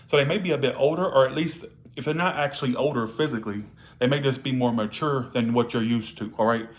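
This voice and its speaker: A man's voice: mid-range voice, fast. A man giving a casual live-streamed tarot reading, blunt and profane, scolding viewers and dropping "all right?" into his lines. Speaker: tarot reader.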